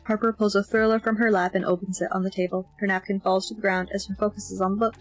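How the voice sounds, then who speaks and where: A woman narrates a first-person novel in an expressive, lively audiobook reading. Her voice sits at an ordinary middle pitch. Faint background music runs softly beneath her. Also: fast talker, rough recording.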